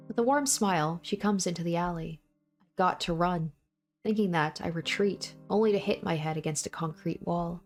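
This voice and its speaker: A woman with a somewhat low voice reads a first-person story aloud in a dramatic style. She acts out panting breaths and desperate repeated cries, keeping the narration intense throughout. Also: moderate pace, faint music behind. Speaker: reader of a visual novel.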